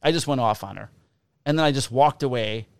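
A man's voice: mid-range voice, brisk, gravelly, clear, resonant tone, dry recording. A man who works as a police officer, telling profane stories in a casual chat and acting out both sides of the conversations.

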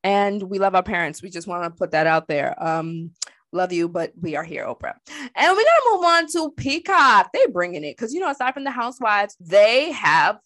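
A woman's voice: mid-range voice, moderate pace, no echo. Sassy woman co-host, casual pop chat, dry close sound. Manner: sassy, animated, colloquial.

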